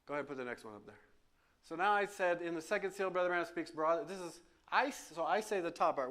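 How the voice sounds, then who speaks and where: Male pastor, slightly high voice, emphatic and repetitive, preaching a Q&A session in church. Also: expressive, fast, a bit bright. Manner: emphatic, repeats phrases for stress. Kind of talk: sermon question and answer session. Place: church sanctuary.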